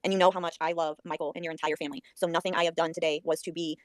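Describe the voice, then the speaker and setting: A woman's voice: deep voice, level tone, racing, no echo. A woman in a group audio chat, speaking earnestly and reassuringly, repeating herself.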